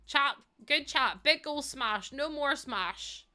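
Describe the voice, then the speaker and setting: A young woman chats her way through a live game stream, teasing her viewers and laughing a lot as she reads their comments. Her voice sits a little high and rings bright and sharp. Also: animated, takes it slowly. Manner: chatty and teasing, laughs often, reads out chat. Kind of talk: casual live-stream chat.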